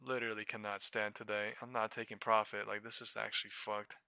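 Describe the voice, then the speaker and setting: Exasperated, sharp-voiced man streaming trades. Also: lowish voice, flat delivery, brisk, gravelly, clear, resonant tone, no room sound. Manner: exasperated, profane muttering with sudden outbursts. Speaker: live trading streamer. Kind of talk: live market commentary.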